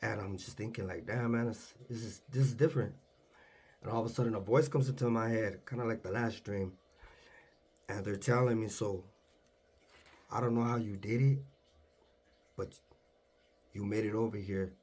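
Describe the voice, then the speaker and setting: A young man recounts a strange dream in a hushed, low-key voice. His voice sits low and sounds husky, and he slips into quoted dialogue as he goes. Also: steady tone, moderate pace, pauses often. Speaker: storyteller. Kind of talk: casual dream storytelling.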